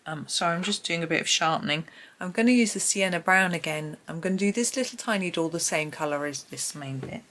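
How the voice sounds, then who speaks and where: Speaking a little fast, this woman has a fairly low pitch and a fairly bright tone. She chats her way through a colouring tutorial while working, thinking aloud and sometimes sinking to a murmur. A faint hiss or hum sits under the audio.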